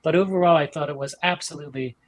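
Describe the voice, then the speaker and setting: A man's voice: a little high, fast, poor audio. A man in casual podcast chat, talking enthusiastically and rambling with many ums, from an upstairs room in his mother's house. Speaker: podcast guest.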